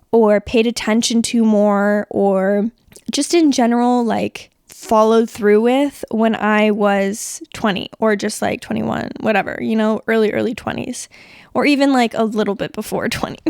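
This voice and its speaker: A woman in her twenties hosting a casual solo podcast, chatty and rambling, her voice a little rough from being sick. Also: a little high, a little mellow, dry recording, clean studio sound. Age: 20s. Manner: chatty, rambling, filler-heavy. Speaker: podcast host. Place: bedroom.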